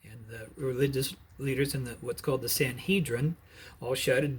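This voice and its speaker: A middle-aged man narrating a Bible story as a preacher, earnest and pausing to explain the background. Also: medium pitch, creaky, fairly bright tone, husky.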